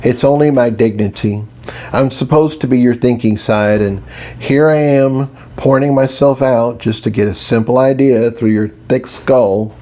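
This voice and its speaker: A man's voice: mid-range voice, measured pace, mellow, close to an everyday voice. A man voicing the hero's fussy, exasperated analytical side in an audiobook.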